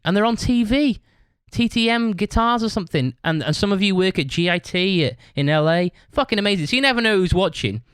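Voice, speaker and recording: A man's voice: sits high, no room sound. Sweary, rambling man telling a story. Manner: rambling, swears constantly, tags lines with "right?". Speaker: podcast host. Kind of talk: casual storytelling monologue.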